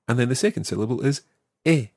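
A man hosting an audio language lesson, patiently explaining and slowing down to model each word. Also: on the low side, expressive, slightly rough, dry recording, clean studio sound. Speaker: language teacher, podcast host.

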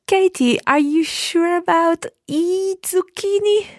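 Female co-tutor: mid pitch, slow, gentle corrections. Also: dry recording, clean studio sound. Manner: gentle correcting, warm praise. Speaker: language tutor. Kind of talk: language lesson.

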